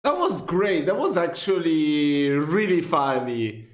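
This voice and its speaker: A man's voice: on the high side, big pitch swings, slow, roomy sound, background noise. A man hosting a casual reaction video, laughing and stumbling over his words.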